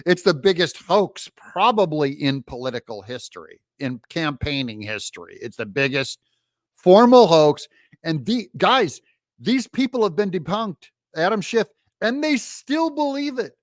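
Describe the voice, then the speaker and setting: Man, sarcastic commentator, slightly high voice, dry close sound. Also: fairly bright tone, no echo. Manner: mocking, sarcastic rebuttals. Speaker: political commentary host. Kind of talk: reaction commentary on news clips.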